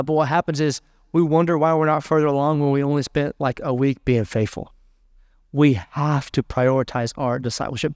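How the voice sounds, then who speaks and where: A man's voice: a little high, a little mellow, clean tone, no room sound, studio quality. A man preaching a sermon, earnest and casual, often repeating words as he builds a point. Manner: casual slang mixed into preaching.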